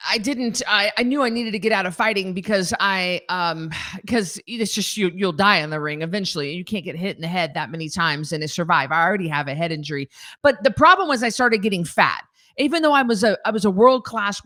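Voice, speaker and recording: A woman from northern Idaho, a guest telling her story in an interview with animated, emphatic delivery. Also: medium pitch, dry recording, clean studio sound. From northern Idaho, USA.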